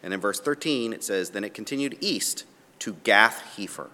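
A man preaching a sermon and reading scripture aloud, his delivery swinging from soft asides to emphatic, raised points. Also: lowish voice, animated, normal speed, in a large hall. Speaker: pastor.

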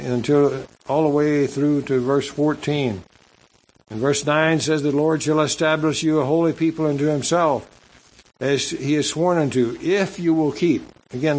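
A man preaching at an even, middle pitch. He reads scripture slowly and comments between the verses. His delivery is halting, with frequent restarts and repeated words. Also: slight background noise, rough recording. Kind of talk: sermon.

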